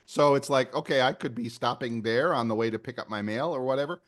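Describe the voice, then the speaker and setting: A man's voice: mid-range voice, fast talker. An older man co-hosting a podcast, chatty and often laughing. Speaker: podcast co-host. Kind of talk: casual chat.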